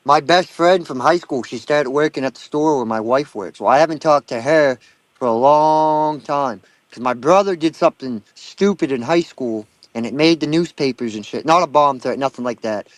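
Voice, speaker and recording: A man in his thirties with a Down East Maine accent tells stories bluntly in casual chat, swearing a lot. His voice sits fairly high, his pace is moderate, and there's no echo.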